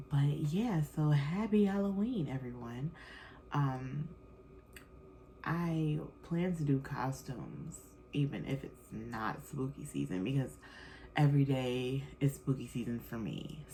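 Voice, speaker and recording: A woman's voice: rumbling low, dark tone, a little hiss or hum, low-quality recording. A woman in her thirties hosting her own podcast, talking casually with lots of fillers and slang. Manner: chatty and loose, frequent fillers and slang. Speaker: podcast host. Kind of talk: casual chat.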